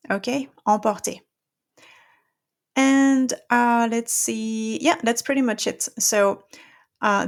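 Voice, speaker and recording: A woman with a French accent, a French teacher giving a patient pronunciation lesson who checks in often with "okay?". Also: medium pitch.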